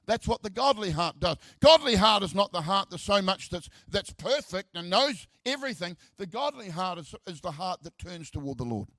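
A middle-aged pastor preaches in a fairly high voice, reading scripture and explaining it as he goes. He repeats words as he searches for the next phrase and slips in joking asides. The sound is close and dry, with no room echo. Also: big pitch swings, moderate pace, hardly any pauses, a bit bright.

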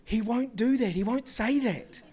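A man preaching a sermon, telling lively stories and acting out the dialogue in them, in casual, slangy talk. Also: very high-pitched, a little slow, husky.

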